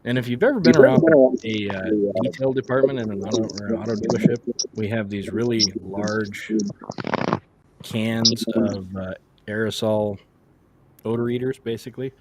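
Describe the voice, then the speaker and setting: Low-voiced man with keyboard clicks behind. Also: moderate pace, heavy background noise. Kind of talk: casual storytelling.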